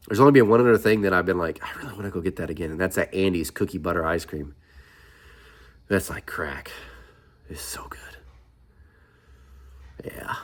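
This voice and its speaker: A man's voice: deep voice, fairly bright tone. A middle-aged man, talking casually to camera in a rambling, chatty way with lots of asides. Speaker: vlogger. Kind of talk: casual chat.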